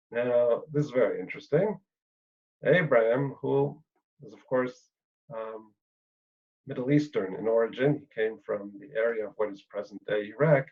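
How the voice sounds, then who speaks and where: A man explaining scripture at a mid-range pitch, working his thoughts out aloud with frequent pauses and fillers. He leans on little "right?" tags to keep his listeners with him. The sound is dull and lo-fi, like an older lecture recording. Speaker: Bible lecturer.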